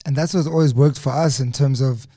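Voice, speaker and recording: Relaxed South African host, mellow voice. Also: male voice, medium pitch, brisk. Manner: relaxed, agreeing, slangy. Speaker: interview host. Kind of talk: casual interview chat.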